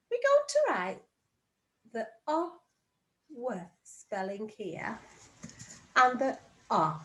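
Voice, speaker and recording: Woman, infant phonics teacher, slow and encouraging, animated pitch. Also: creaky. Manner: slow, encouraging, sounds out letters. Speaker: reception class teacher. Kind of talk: recorded remote phonics lesson.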